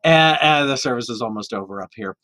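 A man's voice: medium pitch, fairly quick, no room sound. Chatty man giving a sermon. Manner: animated, chatty, with many restarts and playful quoted voices. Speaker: minister. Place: church sanctuary. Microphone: microphone.

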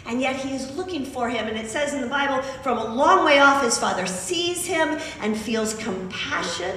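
A woman preacher giving a sermon, telling a story with emphatic, animated asides. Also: high voice, far from the mic, a little hiss or hum. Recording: echoey hall recorded from afar.

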